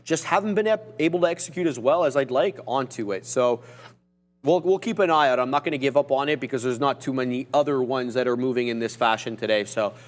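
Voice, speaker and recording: A man co-hosting a live trading stream, calmly talking through his positions and price levels. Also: mid-range voice, fast. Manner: steady, methodical, talks through patience and levels. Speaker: co-host trader.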